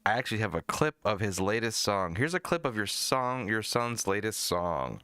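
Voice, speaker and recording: Against a noisy background, an American man mocks a rapper on his live music review stream, drinking beer and breaking into high, squeaky outbursts amid profane, jumpy remarks. His pitch swings widely at a moderate pace.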